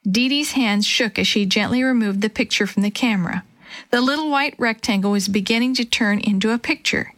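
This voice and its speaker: A woman reading a children's chapter book aloud, telling the story gently and lightly voicing the characters. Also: medium pitch, no room sound. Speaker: storybook reader.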